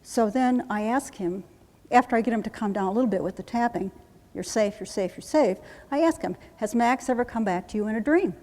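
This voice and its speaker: A woman trainer demonstrating a trauma-relief technique, calmly repeating soothing reassurances in a steady chant. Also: a little high. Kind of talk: instructional demonstration. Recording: long reverb.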